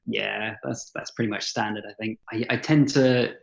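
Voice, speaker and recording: A man's voice: fairly low pitch, steady tone, normal speed, gravelly, lo-fi sound. A man talking hesitantly as a guest on a casual podcast chat, often stammering and laughing shyly. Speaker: podcast guest, dungeon master.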